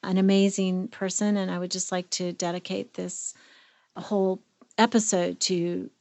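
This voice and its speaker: A woman's voice: lowish voice, flat delivery, unhurried, darkish tone, dry recording. A middle-aged woman co-hosting a therapy podcast, talking reflectively and with emotion. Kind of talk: casual conversational podcast.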